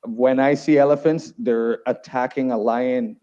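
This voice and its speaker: A man's voice: mid-range voice, steady tone, unhurried, warm tone, muffled recording. A man from Canada, a guest rapper, chatting casually over a video call and laughing easily.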